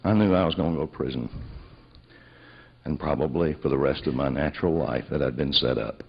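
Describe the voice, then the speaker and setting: Gravelly very deep-voiced man telling a story. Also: a little fast. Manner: storytelling, acting out both sides of remembered dialogue. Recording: dull lo-fi recording.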